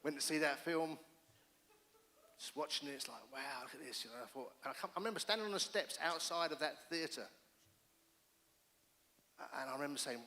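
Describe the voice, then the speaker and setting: A middle-aged man preaching a sermon as pastor, telling personal stories in an animated, emphatic way. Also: a little high, a little fast, pauses often.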